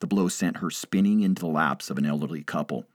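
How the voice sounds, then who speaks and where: A man reading a first-person story aloud in a measured, dramatic way. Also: a bass voice, no room sound. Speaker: narrator.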